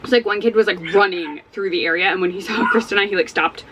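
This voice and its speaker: Talking fast in a medium-pitched voice, a sleepy book vlogger rambles animatedly from home, often abandoning thoughts halfway. A dog barks in the background, and other noise is audible too.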